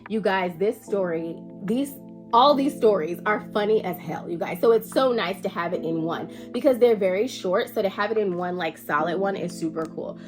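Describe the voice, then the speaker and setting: Soft music sits behind this mid-range female voice, which keeps a moderate pace. A book vlogger with allergy-induced nasal stuffiness, she chats casually and playfully to her viewers about her book collection, slipping in the odd swear word.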